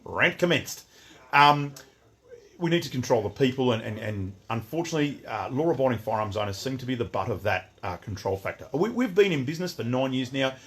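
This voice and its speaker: Middle-aged Aussie man, shop owner doing a livestream rant; mid-pitched, rambling, keeps breaking off to greet viewers. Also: big pitch swings, brisk, fairly bright tone. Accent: Australian. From Western Australia. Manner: chatty, greets viewers by name, rambling restarts.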